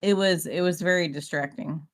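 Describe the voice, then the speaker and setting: A woman's voice: lowish voice, normal speed. A woman joining a casual stream chat as a guest, playful and teasing and laughing often. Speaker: guest debater.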